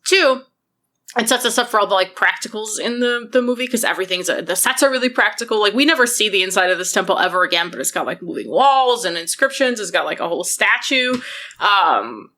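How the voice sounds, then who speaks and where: A woman co-hosts a casual podcast chat, animated and quick to swear and laugh. Her voice has a bright, forceful edge. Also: mid-range voice. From Buffalo, New York. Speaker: podcast co-host.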